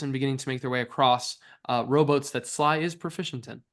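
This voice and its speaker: A man running a tabletop game as game master, narrating in a relaxed way with casual fillers. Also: mid-range voice. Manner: unhurried, with casual fillers and easy laughs.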